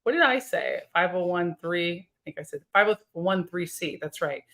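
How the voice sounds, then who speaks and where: A woman's voice: on the low side, animated, normal speed, fairly bright tone. Chatty woman streaming live. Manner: chatty, reads out viewer comments. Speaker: livestream host. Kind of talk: casual live-stream chat with viewers. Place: home office with high ceilings and skylights.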